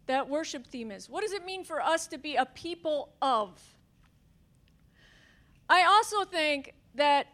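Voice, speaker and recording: A woman minister speaking earnestly on a panel, talking fast with occasional fillers. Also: sits high, a bit bright. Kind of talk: panel talk.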